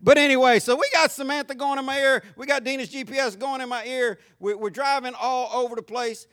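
A man's voice: very high voice, steady tone, brisk, fairly bright tone. A middle-aged man with a Southern US accent, preaching a sermon as a pastor and telling humorous stories to his congregation.

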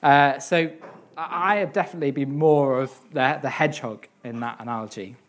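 A young man giving a sermon on a psalm, reading scripture earnestly and then talking it through with many pauses, fillers and repeated words. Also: mid-range voice, fairly bright tone. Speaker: preacher.

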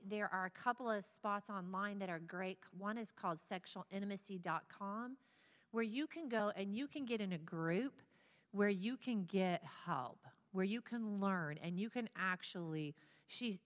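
A woman's voice: medium pitch, a little slow, fairly bright tone. A woman therapist speaking to a church congregation in an earnest, teary, conversational way. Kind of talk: sermon talk. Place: large church sanctuary. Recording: long hall reverb.

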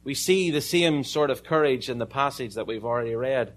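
A man with an Irish accent preaching a sermon, telling a story with dramatic pauses and some joking asides. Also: medium pitch, a little hiss or hum. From Ireland.

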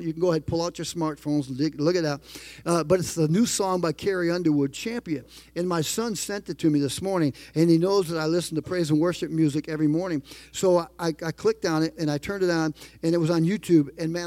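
Emphatic higher-voiced male pastor preaching. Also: darkish tone, dry recording. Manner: emphatic, call-and-response preaching. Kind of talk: sermon.

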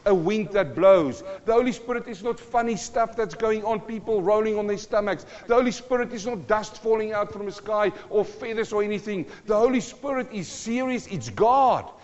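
A man preaching a sermon from the front of a church, emphatic, swinging between hushed asides and loud bursts. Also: sits high, moderate pace, hardly any pauses, big-room sound, lo-fi sound. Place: church hall.

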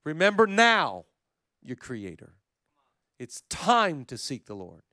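A man preaching a sermon as pastor, swinging from soft, close passages to loud, emphatic calls. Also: fairly high pitch, wildly swooping pitch, takes it slowly, no echo. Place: church stage.

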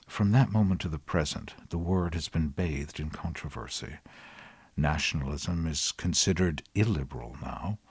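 A man in his sixties, from the United States, hosting his podcast with dry, wry, measured commentary. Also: low-pitched, a little mellow, husky, no room sound. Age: 60s. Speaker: podcast host. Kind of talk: scripted commentary.

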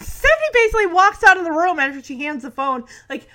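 A woman with a high, light voice recaps a sitcom episode in a casual chat. She talks loosely, laughs easily and slips into little bits of acting as she retells the scenes. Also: sing-song, fast talker, sharp tone. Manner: chatty, laughs often, acts out lines from the scenes.

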